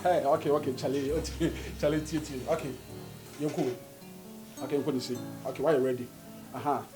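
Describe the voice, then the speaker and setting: A man, acting a loud, boastful houseboy in a comic drama. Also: mid-range voice, fairly even intonation, a little fast. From Ghana. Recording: music playing behind.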